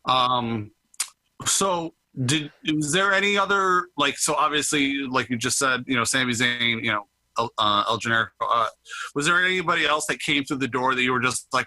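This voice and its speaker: Male podcast host, very bright voice, dry close sound, eager and loose. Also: medium pitch, normal speed, no room sound, low-quality recording. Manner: eager, loosely phrased questions. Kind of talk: casual interview chat.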